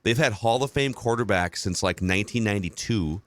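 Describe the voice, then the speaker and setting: A man's voice: fairly low pitch, a little fast, no room sound. A man in his thirties hosting a sports podcast, musing in casual talk and hedging his points with many restarts. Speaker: podcast host.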